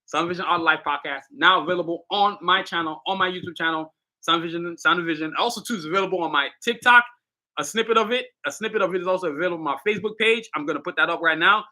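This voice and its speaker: A man's voice: high voice, fast talker, bright, forceful tone. A man hosting his own livestream, talking casually in a hyped, motivational, slangy way straight to his viewers. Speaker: livestream host, artist.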